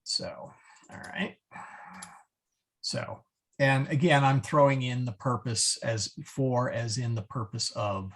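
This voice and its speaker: A man teaching a Latin lesson at an unhurried, deliberate pace. His voice is slightly husky, and his explanations come out haltingly, full of ums and restarts, with a chuckle at his own slips. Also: mid-range voice, fairly even intonation. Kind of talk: online class instruction.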